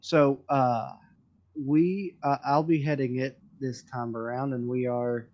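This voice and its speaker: Man, stream host, casual voice chat, rambling, joking, lots of fillers, middle pitch, dull lo-fi sound. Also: steady tone, takes it slowly. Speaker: stream host leading a drawing session.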